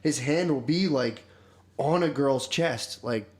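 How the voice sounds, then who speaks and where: A young man co-hosting a casual podcast, with an ordinary middle-pitched voice. He tells loose, profane stories, laughs through them and keeps calling people "dude.". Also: slow pace. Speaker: podcast co-host.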